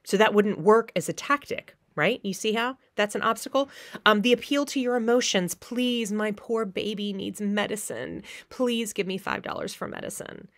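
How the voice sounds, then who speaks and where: Dry, low-voiced woman teaching theater. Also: fairly bright tone, no echo. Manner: acts out short quoted pleas and threats as examples. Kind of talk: recorded lecture.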